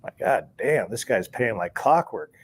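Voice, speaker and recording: A man's voice: lowish voice, unhurried, breathy edge. A man, a former sports bookie, casually telling a long story and acting out the dialogue he recalls. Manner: relaxed, acts out quoted dialogue, chuckles between lines.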